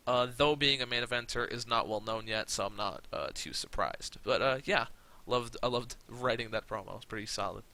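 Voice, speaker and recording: A man gives casual let's-play commentary, rambling and swearing freely with plenty of laughs. His voice is very bright and his pitch moves a lot. He talks at a middle pitch for a man. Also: no room sound. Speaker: gaming channel host.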